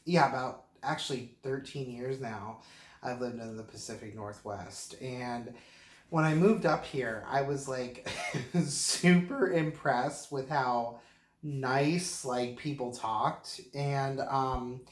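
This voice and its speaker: A mildly tipsy man from western Pennsylvania talks to his camera in a loose, wandering monologue, leaning on fillers and breaking into laughter. He speaks slowly and unhurriedly. His voice bounces around a roomy, echoing indoor space. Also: medium pitch. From Pittsburgh area, western Pennsylvania. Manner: rambling, with many fillers and frequent laughs. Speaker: vlogger. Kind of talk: casual rambling monologue. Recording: roomy echo.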